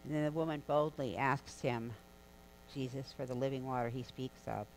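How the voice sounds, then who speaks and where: In a church sanctuary, a preacher delivers a sermon in an easy, conversational style, weaving the story together with casual asides. The voice sits in a middle register with fairly even intonation at normal speed, and the low-quality recording carries a faint electrical hum underneath.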